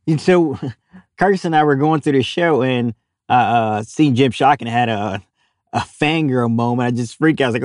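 A man's voice: medium pitch, unhurried, pauses often, no room sound. A young man from with a drawl tells a story as an interview guest. He acts out the other people in it, laughing as he goes. His voice sounds close and dry, with no room sound. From Louisiana. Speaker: guest, animal caller.

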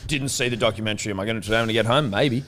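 An Australian man co-hosting a podcast, teasing his friends with quick comebacks. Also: fairly low pitch, fairly bright tone, slight background noise. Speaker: podcast co-host. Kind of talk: casual banter.

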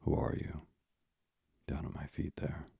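A man reading a storybook, voicing a huge, weary giant who roars his words from high above. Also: monotone, unhurried, creaky, mellow, slightly rough, no room sound, studio quality, heavily acted. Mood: booming. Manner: roaring, laughing. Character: huge weary giant holding up the sky, booming.

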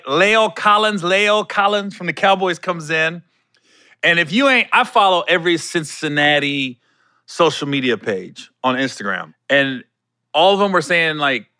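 Speaking into a studio podcast mic with no echo, a middle-aged man hosts his solo podcast in a slightly high voice with a sharp tone. His talk is casual storytelling, peppered with laughter and quoted voices.

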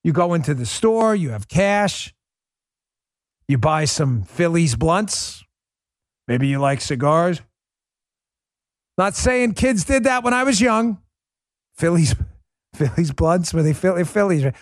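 A man's voice: fairly high pitch, sing-song, slow pace, pauses often, dry recording, clean studio sound. A man hosting a political commentary show, speaking emphatically and sarcastically straight to his listeners. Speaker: show host.

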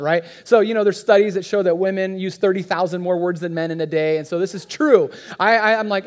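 A high-pitched man preaches in a loose, conversational way, teasing the congregation and pulling them into the talk. He sounds like a guest pastor speaking from the front of a church. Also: brisk. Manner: conversational, joking with the congregation, animated. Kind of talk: sermon.

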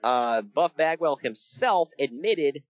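A man's voice: on the high side, animated, takes it slowly, no echo, dull audio. A man co-hosting a podcast, recapping wrestling in a jokey casual chat, laughing often.

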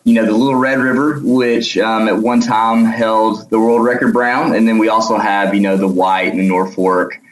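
A man's voice: on the low side, level tone, moderate pace, hardly any pauses, roomy sound, rough recording. A man with an Arkansas accent, a guest in a casual interview, hesitant and chatty with many fillers and restarts. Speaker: guest, nonprofit founder.

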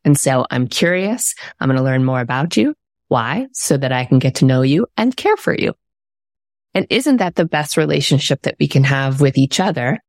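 A woman speaks as an interview guest in a calm, earnest, reflective manner. Her voice is notably low for a woman. The recording is close and dry. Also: moderate pace, no echo. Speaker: author guest.

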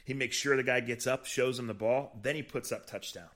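A man on a casual podcast, spinning stories with an even, mid-range voice. He acts out the people in his stories and keeps the chat loose and conversational. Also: mid-range voice, fairly quick. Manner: animated storyteller who acts out quotes. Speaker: podcast co-host, team reporter.

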